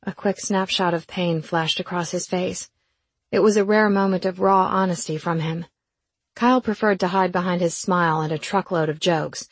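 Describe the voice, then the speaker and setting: Husky woman reading an audiobook. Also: fairly low pitch, no room sound. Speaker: audiobook narrator. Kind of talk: first-person audiobook narration.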